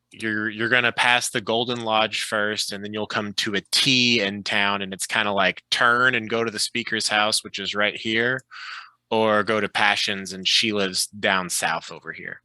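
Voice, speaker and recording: A man narrates a tabletop session as game master, his voice very bright and sharp. He talks in a relaxed, chatty way and fills his sentences with ums and uhs. The sound is dry and close. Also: on the low side, moderate pace, clear, resonant tone, no room sound, poor audio. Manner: relaxed, chatty, with frequent fillers.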